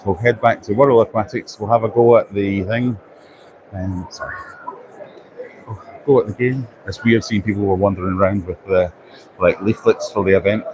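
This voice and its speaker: A man hosting a casual live walkaround at a busy indoor trade show, chatty and self-deprecating, thinking aloud as he goes. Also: on the low side. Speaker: livestream host. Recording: noisy exhibition hall ambience. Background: crowd chatter and hall noise.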